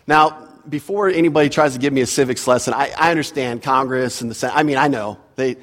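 A man's voice: mid-range voice, quick pace, a bit bright. A man preaching a sermon as a pastor, in a conversational way with asides and repeated words, recorded in a church sanctuary. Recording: reverberant church hall.

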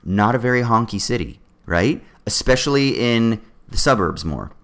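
A man's voice: mid-range voice, normal speed. A man, talking animatedly and swearing freely as a podcast co-host in casual chat. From Southern California. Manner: animated, swears freely, acts out other drivers.

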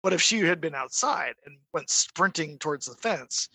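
Guy on a podcast, bright tense voice, kinda high, dry close sound, goofy storyteller. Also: normal speed, husky, no echo. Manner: animated storyteller, imitates barking dogs. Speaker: podcast guest. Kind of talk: casual chat.

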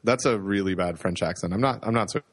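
A man's voice: lowish voice, fast. Rambling, joking Canadian man. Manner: rambling, self-deprecating joker. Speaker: podcast co-host. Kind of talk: casual chat.

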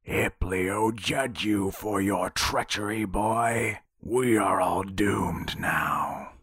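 A man voicing a gravelly old woman who booms out grim warnings, in audio fiction. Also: drawn-out words, a bit bright, dry recording, clean studio sound, heavily acted. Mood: ominous. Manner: booming, ominous.

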